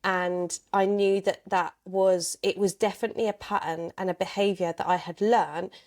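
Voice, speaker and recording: A woman's voice: medium pitch, fairly even intonation, normal speed, darkish tone. A woman, hosting and reflecting thoughtfully in a casual chat.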